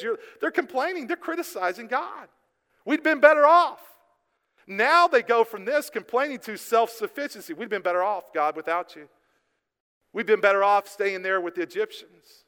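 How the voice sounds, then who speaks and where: A man preaching a sermon as pastor, swinging between hushed and emphatic delivery. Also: high voice. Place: church sanctuary. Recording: long hall reverb from the church.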